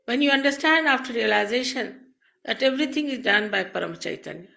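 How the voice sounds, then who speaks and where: A woman speaks as a spiritual teacher, lecturing slowly and deliberately into a microphone. Her voice is gravelly with fry, yet bright and forceful in tone. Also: fairly high pitch, expressive. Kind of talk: recorded spiritual talk. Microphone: on a mic.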